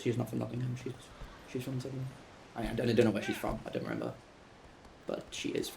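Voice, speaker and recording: A speedrunner with a gravelly, fairly low voice chats casually with stream viewers while playing, rambling and correcting himself as he goes. The recording has a roomy echo and faint background noise.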